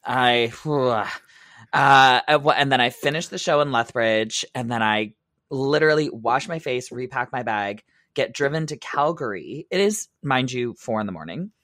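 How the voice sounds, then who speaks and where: A man co-hosting a podcast while sick, his voice raspy, chatting casually and trailing off with fillers. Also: medium pitch, expressive, normal speed, pushed and bright, no room sound, clean studio sound. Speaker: podcast co-host. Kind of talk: casual chat.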